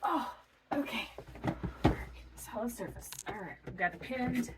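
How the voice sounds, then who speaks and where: A woman filming herself at home, talking excitedly to herself in a closet and often dropping to a whisper. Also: a little high, unhurried, heavy background noise. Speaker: vlogger. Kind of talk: casual self-filmed commentary.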